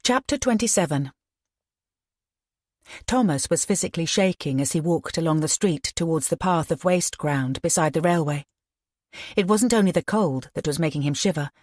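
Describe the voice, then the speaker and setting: Audiobook narrator, female, low-pitched, dry and close, steady read. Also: normal speed, dry recording. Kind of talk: scripted narration.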